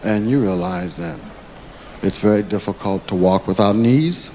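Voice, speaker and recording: A stand-up comedian voicing a soft-spoken male mobster who makes quiet, polite threats, in a live club recording with crowd noise. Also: lowish voice, lively intonation, normal speed, voice pushed down. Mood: menacing.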